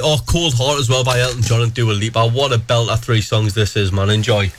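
A man, hosting a local radio show and telling funny stories in animated casual chat. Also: mid-range voice, brisk, hardly any pauses, a little hiss or hum. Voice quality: chatty, animated storyteller. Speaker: radio host.

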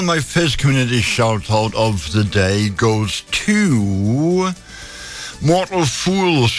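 A gruff, deep-voiced man hosts a local radio show. He talks slowly, with easy fillers. Faint music plays beneath him. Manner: relaxed, unhurried announcing with filler words. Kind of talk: community radio DJ links.

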